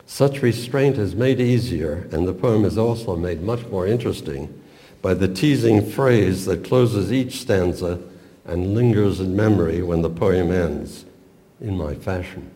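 An older man giving a measured, professorial talk on a poem, with small stumbles now and then. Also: deep voice, mellow. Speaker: literature lecturer. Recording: long reverb, roomy hall.

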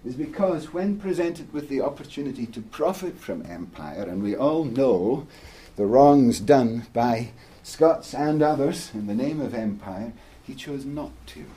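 A man closing a formal speech at a public talk, measured and emphatic, in a lecture room. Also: mid-range voice, expressive, warm tone, slight background noise.

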